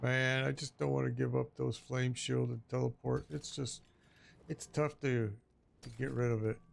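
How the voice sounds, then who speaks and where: Streamer guy chatting to chat, gravelly and a little hoarse, easygoing. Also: medium pitch, level tone, moderate pace, slight background noise. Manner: laid-back, repeats himself, chats to viewers. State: losing his voice. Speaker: game streamer. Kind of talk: casual live-stream chat.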